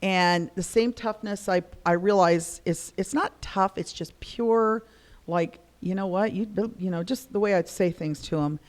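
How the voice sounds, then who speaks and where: A woman's voice: on the low side, a little slow. Middle-aged woman guest, chatty storyteller who plays out the voices she quotes. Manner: animated, acts out quoted voices. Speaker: guest discussing spirituality. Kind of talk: casual storytelling conversation.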